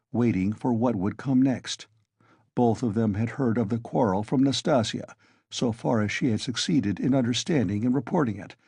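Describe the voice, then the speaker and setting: A male audiobook narrator reads in a measured way, his mellow, husky voice moving with lively pitch. The sound is dry and close with no room. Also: no room sound. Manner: measured storytelling delivery. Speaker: audiobook reader. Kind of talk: scripted narration.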